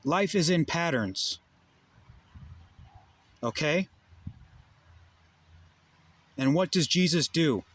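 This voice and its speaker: A man's voice: fairly high pitch, expressive, slow. A young adult man delivering a heated, profane monologue full of rhetorical questions. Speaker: vlogger. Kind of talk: ranting monologue.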